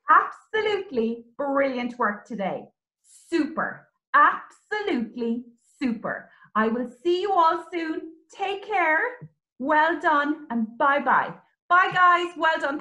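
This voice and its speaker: Woman, early years teacher, slow sing-song voice, very lively pitch. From Ireland. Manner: animated, sing-song, exclamatory. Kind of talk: children's lesson with songs. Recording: roomy echo.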